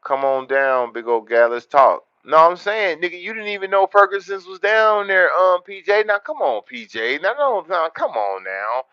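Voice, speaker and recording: A man's voice: high-pitched, animated, no room sound. Man, livestream chat host, boastful street slang, dry muffled sound. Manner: loud, boastful street slang, repeats words in rapid runs. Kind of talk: casual livestream chat, reading the chat.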